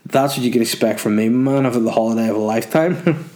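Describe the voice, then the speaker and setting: A man's voice: mid-range voice, fast, warm tone. A man hosting a casual solo podcast, reading listener messages and answering them with crude jokes and rambling asides. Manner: crude, joking, rambling with frequent ums. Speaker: podcast host.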